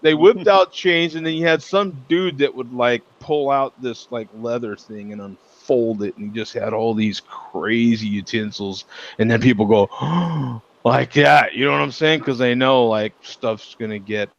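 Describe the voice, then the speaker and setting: A man's voice: medium pitch, unhurried, highs cut off. A man hosting a casual chat over beers on a video call, laughing often as he tells stories. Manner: laughs often, animated storytelling. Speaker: host.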